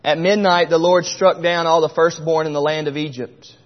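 A middle-aged man preaching a sermon, passionate, swinging between loud and hushed near-whispers. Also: a little high, fairly even intonation, normal speed. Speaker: pastor. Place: church sanctuary. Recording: dull sound with long hall reverb.

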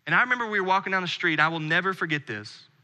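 American pastor guy preaching in a church, really bright voice, long echo off the hall. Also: high-pitched, animated, rapid-fire. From United States. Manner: earnest preaching, drops quiet on key phrases. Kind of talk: sermon.

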